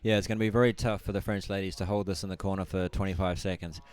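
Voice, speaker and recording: A man giving colour commentary on a match, hesitant and filling pauses with ums and you-knows. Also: low voice, steady tone, a little mellow, clear, resonant tone. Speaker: color commentator. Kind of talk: live sports commentary.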